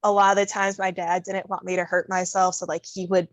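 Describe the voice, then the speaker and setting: A woman's voice: fairly low pitch, little pitch movement, a little fast, no room sound. Brief: woman podcast guest, casual storyteller, dry close mic. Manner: chatty, laughs often, storytelling. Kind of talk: casual conversation.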